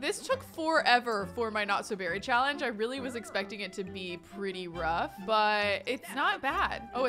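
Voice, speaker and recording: Excitable woman narrating a life-sim game. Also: on the high side. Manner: excitable, gushing, chatty. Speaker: gaming YouTuber. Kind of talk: let's play commentary.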